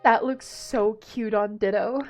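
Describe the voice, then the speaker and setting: Chatty, excitable woman streaming a game. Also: fairly high pitch, slow pace. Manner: excitable, chatty, gasps and laughs often. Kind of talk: casual live-stream chat while gaming. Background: game music.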